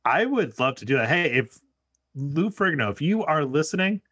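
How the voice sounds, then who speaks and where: A man's voice: on the high side, very animated, moderate pace, fairly bright tone, breathy edge, dry recording. Upbeat man talking podcast. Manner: upbeat, laughs easily, self-mocking. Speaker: podcast host. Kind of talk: casual podcast chat.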